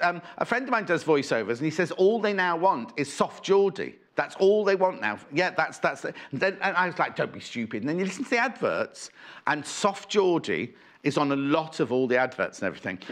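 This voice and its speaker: A man with a highish, fairly bright voice presents a live TV shopping show from a studio, chatting and rambling as he reads out viewer messages. He uses an earpiece and a presenter mic.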